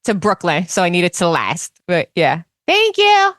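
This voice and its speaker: A woman putting on a brash, excitable middle-aged woman with a New Jersey accent, talking in a nasal, rambling way with drawn-out pauses. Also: fairly low pitch, dry recording, studio quality. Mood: rambling chatty.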